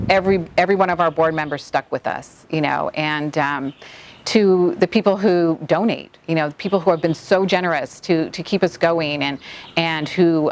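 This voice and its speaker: A middle-aged woman from the Bahamas, an environmental nonprofit director, recalling a hurricane in an interview, halting and close to tears with many restarts. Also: deep voice, a little hiss or hum. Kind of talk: emotional interview recollection.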